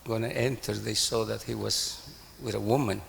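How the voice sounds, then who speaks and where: Gravelly man telling a story. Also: lowish voice, steady tone, moderate pace, big-room sound, a little hiss or hum. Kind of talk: telling an anecdote. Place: temple hall.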